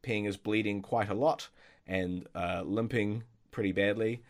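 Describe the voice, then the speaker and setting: A man's voice: on the low side, steady tone, a little slow. A man narrating a tabletop role-playing game as game master, with many ums and restarts. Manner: hesitant, many fillers and restarts.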